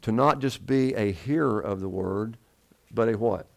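A man's voice: lowish voice, unhurried, gravelly. A man preaching a sermon to his congregation, asking them questions and answering them himself. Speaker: pastor.

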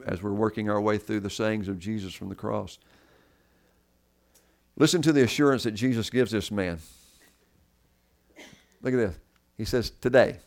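A man preaching a sermon as pastor, earnest and repeating key words for emphasis. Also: medium pitch.

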